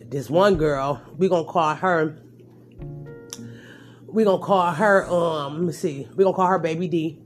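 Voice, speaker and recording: A young woman tells her viewers a wild story in a casual, animated way. Her voice jumps from loud outbursts to quiet asides. Faint music plays behind her. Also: sits low. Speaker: storyteller vlogger.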